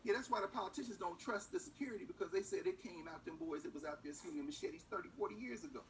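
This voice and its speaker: A man giving animated political commentary, acting out officials in mocking voices with emphasis. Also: high voice, fast talker, slight background noise. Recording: distant mic with faint room ambience.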